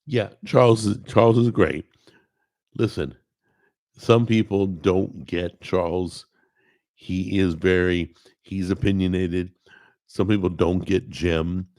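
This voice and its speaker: A man's voice: low voice, fairly even intonation, slow pace, a little mellow, no echo. A man hosting a live stream, chatting casually and rambling, greeting people in the chat and often correcting himself. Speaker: host.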